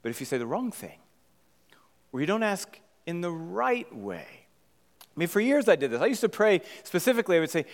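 Preaching in a church sanctuary, a male pastor tells a story in a conversational, animated way and keeps adding "right?" to his points. His voice is high at normal speed, trailed by a long reverb tail.

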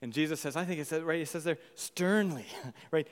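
Pastor, male, fairly high voice, dynamic delivery from emphatic to hushed, hall reverb. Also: brisk. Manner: animated, swings from loud exclamations to hushed near-whispers. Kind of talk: sermon.

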